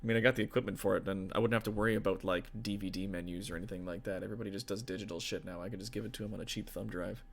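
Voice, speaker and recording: A man's voice: lowish voice, steady tone, rapid-fire, creaky, few pauses, a little hiss or hum. A man, a tabletop game master and streamer, chatting casually with viewers in a rambling, profane way full of fillers.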